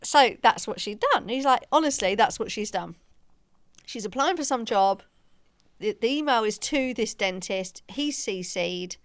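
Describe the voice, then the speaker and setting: A woman's voice: a little high, animated, measured pace, no echo. A woman podcast co-host and practice manager, telling a story in casual chat and acting out the quoted dialogue with laughter.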